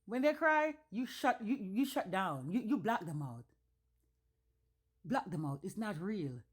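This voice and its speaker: Woman spilling a story, blunt and swearing a lot, gets real animated. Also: medium pitch, a little slow, slightly rough. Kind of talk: casual storytelling.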